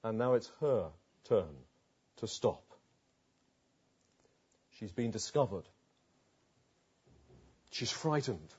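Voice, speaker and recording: A man preaching a sermon, retelling a story with rhetorical questions and dramatic pauses. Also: fairly low pitch, very animated, darkish tone, slightly rough, lo-fi sound.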